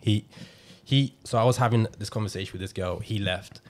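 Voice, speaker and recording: Brief: male podcast guest, lowish voice, frank laughing storyteller who acts out quotes. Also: a little fast. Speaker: guest, confidence coach.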